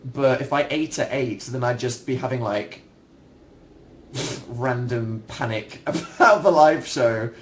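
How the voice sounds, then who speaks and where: A man's voice: medium pitch, slow pace, a little hiss or hum. A young man hosting a casual livestream, answering viewers in a rambling, self-deprecating way with dry humor. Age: young adult. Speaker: livestream host.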